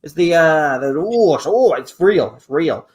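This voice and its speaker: A man hosts an improv comedy stream in a high, bouncing voice. He rambles playfully while reading out audience suggestions. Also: expressive, a little slow, darkish tone. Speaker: improv show host. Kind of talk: livestream comedy hosting.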